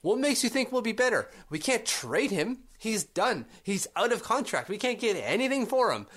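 A man co-hosting a casual sports podcast, with a fairly high voice for a man. He argues his points and works himself up into exasperated rants. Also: big pitch swings, moderate pace, fairly bright tone, breathy edge. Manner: argumentative, rising to exasperated rants. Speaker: podcast co-host.

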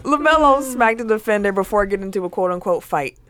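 A woman's voice: medium pitch, animated, fast, background noise. A woman hosting a casual sports chat podcast, teasing the others and laughing often. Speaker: podcast host.

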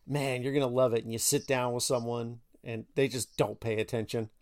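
A man from Florida co-hosting a laid-back podcast, with an ordinary pitch. He jokes around and is quick to make fun of himself. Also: fairly even intonation, a little mellow. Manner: jokey, self-deprecating. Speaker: podcast co-host. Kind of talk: casual podcast chat.

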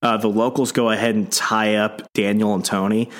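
Podcast co-host recapping a comic, animated storytelling, casual. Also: male voice, fairly low pitch, moderate pace. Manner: animated storytelling with acted-out voices.

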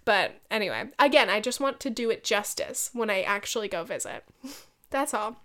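A woman's voice: mid-range voice, expressive, normal speed, pushed and bright. A young woman hosting a solo podcast, chatting casually with lots of fillers, swearing and laughing often. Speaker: podcast host.

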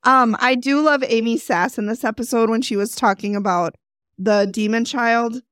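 A woman co-hosting a podcast in casual chat with friends, gushing and quick to chime in with agreement. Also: a little high, steady tone, fairly bright tone, clean tone, dry recording, studio quality. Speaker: podcast co-host.

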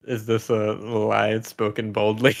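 A young man with a somewhat low voice, talking in a laid-back, teasing way on a podcast. He laughs often while telling stories. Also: flat delivery, takes it slowly, creaky. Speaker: podcast co-host. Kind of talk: casual chat.

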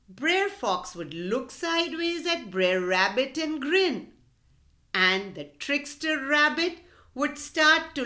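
Woman, children's storyteller, read-aloud, expressive, bright, higher voice. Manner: gentle, expressive, addresses children directly.

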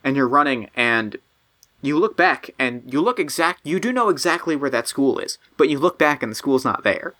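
A man's voice: medium pitch, expressive, normal speed, sharp tone. A man running a tabletop role-playing game, narrating scenes casually with lots of fillers and restarts. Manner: casual, filler-heavy, playful. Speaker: game master.

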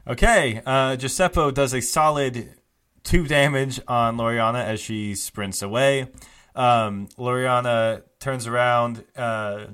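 Bright-voiced male game master. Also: medium pitch, takes it slowly, smooth. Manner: relaxed, filler-heavy narration. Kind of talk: narrating a tabletop game.

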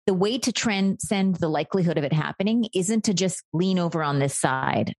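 A woman guides a coaching conversation, asking steady, probing questions. Her voice sits low and sounds dry and close, with no room echo. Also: normal speed. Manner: calm, probing, affirming with frequent mm-hmms. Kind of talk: guiding coaching session.

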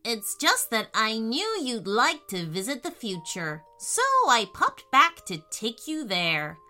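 A woman voicing a friendly little green male alien who speaks in a gentle, reassuring way. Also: on the high side, very animated, takes it slowly, soft background music, heavily acted.

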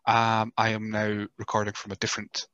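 Bright, dry-sounding male podcast host. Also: lowish voice, monotone, a little fast, smooth, dry recording, lo-fi sound. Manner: chatty, stumbling restarts. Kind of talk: casual podcast chat.

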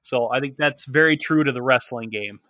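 A man's voice: medium pitch, normal speed, bright, forceful tone, dry recording, clean studio sound. A man interviewing guests in a casual chat, asking friendly, curious questions.

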